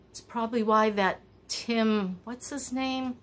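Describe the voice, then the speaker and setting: A middle-aged woman telling stories in a chatty, wandering way with animated asides. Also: fairly high pitch, slow pace, few pauses. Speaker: vlogger. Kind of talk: casual storytelling.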